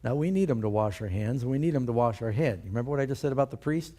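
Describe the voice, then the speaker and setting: A man's voice: medium pitch, animated, very fast, dark tone. A male pastor preaching a sermon, emphatic and putting rhetorical questions to his congregation.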